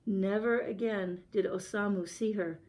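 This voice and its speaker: A woman telling a storybook tale aloud for a library, calm and measured. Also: medium pitch, low-quality recording.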